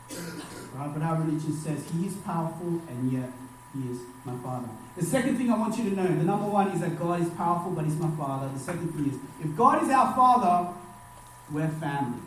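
A man with a high voice gives a sermon to young people from a distance, far from the mic in a very echoey hall with faint room sound behind him. He stresses key words and lets the ends of lines sink low. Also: slight background noise. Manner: emphatic, dropping his voice low at phrase ends. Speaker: youth pastor.

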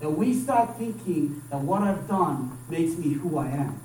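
A young man gives a conversational sermon, his voice pitched high for a man. He keeps checking in with the room as he talks. The sound carries the ring of a reverberant hall, picked up from a distance. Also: lively intonation, measured pace, darkish tone, slight background noise. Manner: conversational, repeats "right?" to the congregation. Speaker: pastor. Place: church hall. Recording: echoey hall, voice from far off.

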